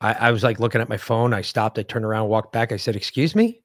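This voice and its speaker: A man's voice: lowish voice, level tone, fast talker, no echo. Middle-aged male podcast host, profane ranter, dry close sound. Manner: profane, ranting storyteller. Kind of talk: casual chat.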